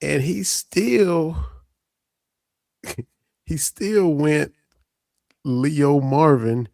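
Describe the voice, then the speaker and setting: A man's voice: fairly high pitch, very slow, vocal fry, dark tone, no echo. A man co-hosting a casual sports talk show who tells anecdotes with a laugh. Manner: storytelling, laughing, acts out quotes. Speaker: podcast co-host.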